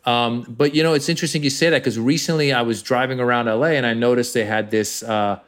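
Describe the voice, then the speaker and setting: Man, 50s, from Iran, comedian guest, animated storytelling, medium pitch. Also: fast talker. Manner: animated storyteller, jumps into voices. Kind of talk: podcast interview.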